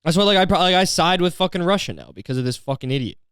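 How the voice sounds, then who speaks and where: A man's voice: sits high, sing-song, racing, fairly bright tone, clear, resonant tone, dry recording, studio quality. A young man hosting a comedy podcast, ranting in a profane, sarcastic way and slipping into mocking voices. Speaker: podcast host.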